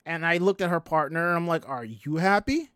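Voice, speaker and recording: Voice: medium pitch, animated, a little fast, fairly bright tone, dry recording. Podcast host; loose, rambling chat, dry close-mic read. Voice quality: rambling, many restarts. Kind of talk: casual chat.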